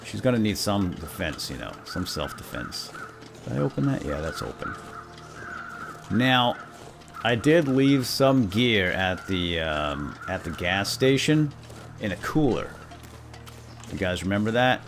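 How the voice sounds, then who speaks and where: Deep-voiced man giving chatty game commentary. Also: a little slow, creaky, long pauses, slight background noise. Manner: chatty, upbeat, talks to viewers as guys; bursts into loud excited exclamations. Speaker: gaming video host. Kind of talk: let's play commentary. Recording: soft game music behind.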